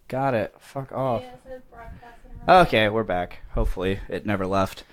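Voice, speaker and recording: A man's voice: fairly low pitch, a little slow. A man hosting a chaotic podcast chat, laughing often and swearing casually. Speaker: podcast host.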